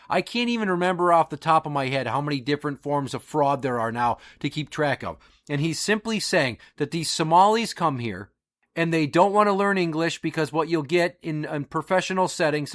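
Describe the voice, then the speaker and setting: A man's voice: on the high side, a bit bright. A man hosting a podcast, delivering an angry, profanity-laced monologue with emphatic outbursts. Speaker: podcast host.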